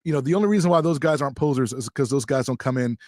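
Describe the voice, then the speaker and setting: A man's voice: medium pitch, rapid-fire, darkish tone, dry recording, studio quality. A man co-hosting a casual sports radio chat, emphatic and prone to repeating himself. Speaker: radio co-host.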